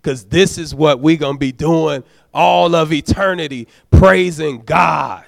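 A man's voice: fairly high pitch, fairly even intonation, normal speed, gravelly, dry recording, studio quality. A man, a deacon, preaching a sermon, urging the congregation in a conversational, folksy way and prodding them for amens. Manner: exhorting, prods the congregation for amens.

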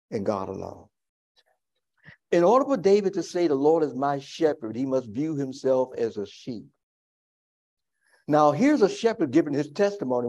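Preaching pastor with a mellow voice. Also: male voice. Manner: rises to loud high preaching, drops to soft reflective asides. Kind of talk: sermon.

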